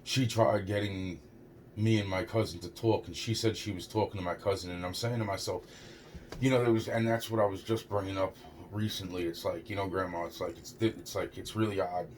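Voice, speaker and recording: With a low-pitched, slightly mellow voice and fairly even intonation, a young man talks fairly quickly through a rambling personal story. He trips over his words, leans on "it's like," and swears often; slight background noise is present.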